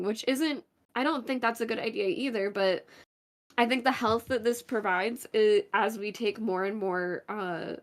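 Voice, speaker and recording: A woman guest on a card game stream, talking hesitantly and laughing nervously. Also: fairly high pitch. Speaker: guest player. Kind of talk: casual chat about a card game stream.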